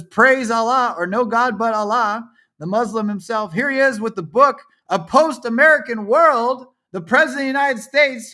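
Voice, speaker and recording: High, bright-voiced ranting male streamer. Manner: swings from muttering to angry yelling, swears often. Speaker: livestream co-host. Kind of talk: ranting livestream commentary over shared images.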